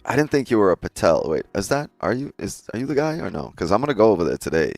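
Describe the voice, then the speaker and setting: A man with a low voice and a lively, swinging pitch hosts a trading live stream. He jokes with his chat and swears casually. The sound is dry, with faint music underneath. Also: fast, gravelly, no room sound. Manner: loose and joking, swears often, talks straight to chat.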